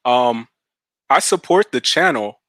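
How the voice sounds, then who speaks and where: A man calling into a debate stream, answering calmly and slowly with a sarcastic edge. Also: medium pitch, no echo. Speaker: caller. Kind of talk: call-in debate.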